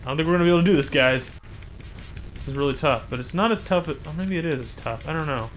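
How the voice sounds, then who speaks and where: Excitable man rambling over gameplay. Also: fairly high pitch, fast, a little hiss or hum. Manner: rambling, excitable, with sudden loud exclamations. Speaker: gaming channel host. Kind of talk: casual gameplay commentary.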